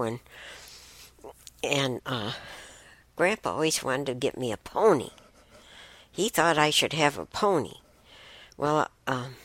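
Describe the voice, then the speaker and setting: Woman host telling stories in a relaxed chatty way; deep for her sex, unhurried delivery. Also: no echo. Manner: unhurried, chatty, with many restarts and fillers. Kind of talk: casual storytelling.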